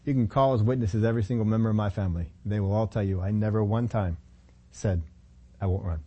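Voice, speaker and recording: A man's voice: lowish voice, steady tone, quick pace, warm tone, muffled recording. A middle-aged man preaching a sermon as pastor, emphatic, repeating phrases and acting out quotes.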